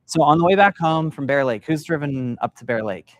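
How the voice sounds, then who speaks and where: A man's voice: fairly high pitch, lively intonation, a little fast, no room sound. A middle-aged man mentoring business founders in a live workshop, telling a story and quizzing the room. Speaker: sales mentor. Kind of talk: live workshop talk to an audience. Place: meeting room with an audience.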